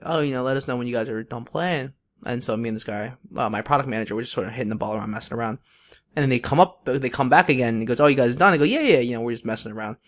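A young man co-hosting a podcast, telling a long story in a casual, rambling way with many fillers and restarts. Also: medium pitch. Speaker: podcast co-host.

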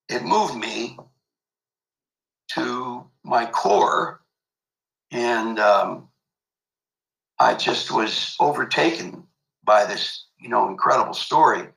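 A man's voice: medium pitch, gravelly, bright, forceful tone, roomy sound, poor audio. An older man recalling his past in an interview, reflective and emotional, with many fillers. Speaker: interview guest. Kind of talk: storytelling interview.

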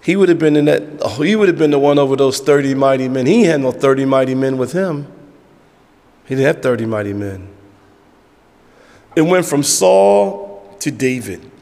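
A man preaching a sermon as pastor, emphatic and repetitive, dropping to hushed asides, in southern US vernacular. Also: mid-range voice, lively intonation, normal speed, vocal fry, pauses often. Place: church sanctuary. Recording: long church hall reverb.

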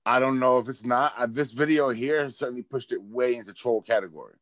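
A man's voice: medium pitch, fast, a bit bright, no echo. A man hosting a podcast in casual chat, thinking aloud with restarts and the odd swear. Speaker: podcast host.

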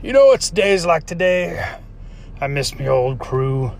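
A high-pitched, gravelly old pirate captain, hearty joke-teller. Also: male voice, very animated, unhurried, heavily acted. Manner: hearty, loud joke-telling pirate talk. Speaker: caller.

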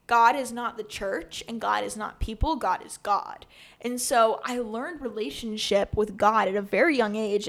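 A twenty-something American woman talks casually on her solo podcast in a slightly bright voice on the high side. She is earnest and chatty, leaning heavily on "like" and frequently restarting.

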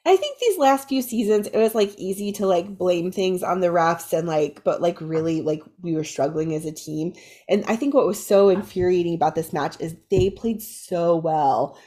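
A woman co-hosting a casual sports podcast, animated and full of "like" fillers, her voice a bit raspy from recent illness. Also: lowish voice, moderate pace. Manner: animated fan, many "like" fillers. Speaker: podcast co-host. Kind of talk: casual chat.

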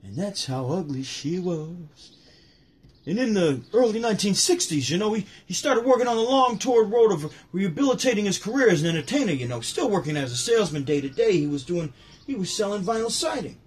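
Man, husky voice, slightly high pitch, rambling animated host chat. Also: quick pace. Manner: rambling, animated storytelling with restarts. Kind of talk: casual chat.

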